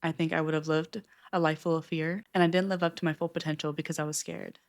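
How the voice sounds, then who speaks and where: A woman's voice: sits low, level tone, quick pace. A young adult woman vlogging about a self-help book, talking in an earnest, open way with frequent "like" fillers. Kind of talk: candid personal reflection.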